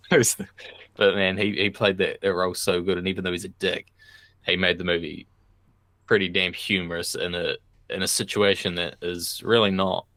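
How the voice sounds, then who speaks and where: Deep-voiced laid-back man, casual podcast chat. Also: flat delivery, moderate pace, sharp tone, no room sound. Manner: laid-back, swears freely, laughs often. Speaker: podcast co-host.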